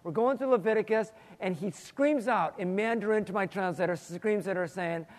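A man's voice: high-pitched, normal speed. A man teaching the Bible in an earnest, storytelling way, often repeating words as he thinks, in a large hall. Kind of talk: Bible teaching with prayer and stories. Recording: long hall reverb.

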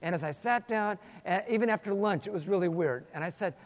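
A man with a high voice leads a Bible teaching with prayer and stories. He speaks earnestly and often repeats a word while he gathers his thoughts. His voice rings with a long reverb, as in a large hall or church. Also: brisk. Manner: earnest, storytelling, repeats words while thinking.

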